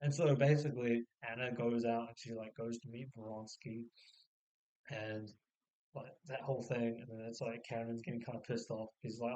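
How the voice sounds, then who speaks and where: A man casually summarizing a novel, rambling with many filler words and restarts, sometimes putting on quick voices for the characters. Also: medium pitch, little pitch movement, dark tone, highs cut off. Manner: slips into short mock voices for the characters. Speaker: book reviewer. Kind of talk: casual spoken book summary.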